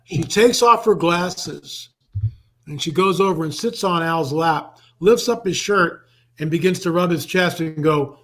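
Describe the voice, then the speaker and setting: Animated high-voiced older man telling a story. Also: normal speed, poor audio. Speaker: guest researcher. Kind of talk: storytelling in a live online interview.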